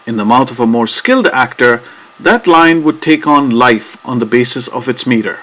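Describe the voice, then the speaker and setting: Man narrating a lesson, measured and deliberate. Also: medium pitch, animated, fairly bright tone. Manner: measured, deliberate reading with rhythmic emphasis. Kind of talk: scripted educational narration.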